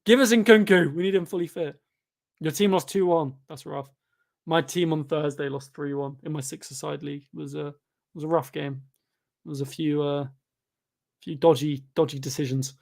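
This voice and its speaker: A young man chatting through a live football watchalong, tired, reading out chat questions and breaking into sudden excited shouts at the game. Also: a little high, moderate pace, creaky. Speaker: livestreamer reading chat during a match.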